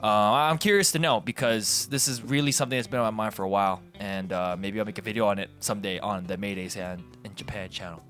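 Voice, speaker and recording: A young man hosting a podcast, telling stories in a casual, animated way and acting out what other people said. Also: on the low side, fast talker, hardly any pauses, soft background music. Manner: animated, acts out voices in quotes. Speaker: podcast host. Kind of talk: casual storytelling.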